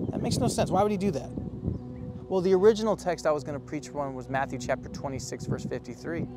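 A man preaching a sermon as pastor, animated and emphatic, swinging between loud bursts and quiet, earnest stretches. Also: medium pitch, fairly quick, very noisy.

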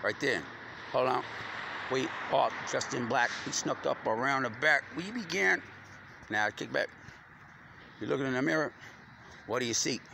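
Gravelly man rambling on a noisy street. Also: medium pitch, normal speed, pauses often. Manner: loose, slangy, stream-of-consciousness talk with cursing. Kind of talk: rambling monologue to camera. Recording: loud street noise with passing vehicles.

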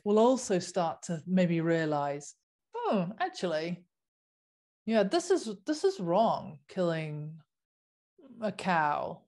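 Slow-talking earnest woman vlogger. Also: mid-range voice, darkish tone. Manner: earnest, repetitive, rhetorical questions. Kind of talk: impassioned casual monologue.

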